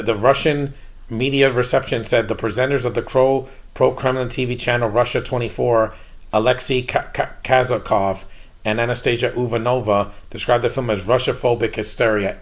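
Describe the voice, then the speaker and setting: A man's voice: mid-range voice, steady tone, moderate pace. A man hosting his own channel, giving a casual, blunt and rambling movie review.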